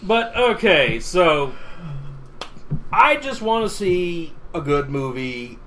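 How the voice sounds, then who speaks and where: Wry, lively-voiced man hosting. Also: high voice, slow pace, a little hiss or hum. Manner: wry, self-deprecating, joking. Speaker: podcast host. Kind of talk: casual chat.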